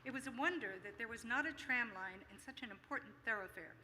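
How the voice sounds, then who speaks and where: A woman reads literary prose aloud at a public event, measured and lightly characterful. Her fairly high, bright voice rings through a reverberant hall, with faint room noise behind her. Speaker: reader.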